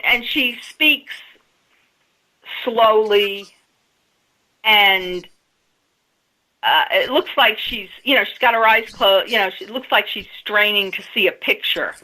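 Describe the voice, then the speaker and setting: A woman's voice: mid-range voice, expressive, slow pace, long pauses, sharp tone, poor audio. A woman guest on a radio interview, telling a story step by step in a casual way. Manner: storytelling, recounting events step by step.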